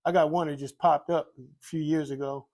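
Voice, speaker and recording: An older man with a gravelly, slightly high voice gives a candid personal testimony about drinking and recovery. He rambles, circles back to repeat his own phrases and leans on constant fillers. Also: fairly even intonation, brisk, a little mellow. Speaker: recovering alcoholic telling his story.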